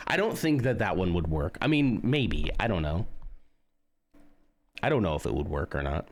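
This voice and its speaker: A man's voice: deep voice, big pitch swings, moderate pace, pauses often. A man casually chatting on a live stream while building a model, reading out and answering chat with jokes and self-mockery.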